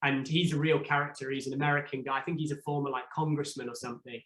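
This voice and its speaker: A man's voice: mid-range voice, level tone, fast, roomy sound, a crowd in the background, rough recording. A man, a podcast guest, telling a story in casual chat, rambling and full of restarts. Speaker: podcast guest, former reality show contestant.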